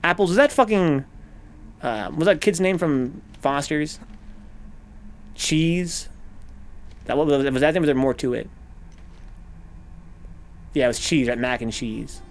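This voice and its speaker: A man streaming a video game, talking casually with animated, profane, rambling rants. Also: on the high side, measured pace, long pauses. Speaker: gaming streamer. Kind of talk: casual let's-play commentary.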